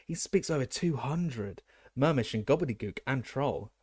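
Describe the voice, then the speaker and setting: A man voices a stiff, rule-loving young official from a storybook, all breathless eagerness. The voice sits well above the reader's own, bright and strained with excitement. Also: mid-range voice, normal speed, slightly rough, dry recording, studio quality, pitched above the performer's own voice. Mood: eager.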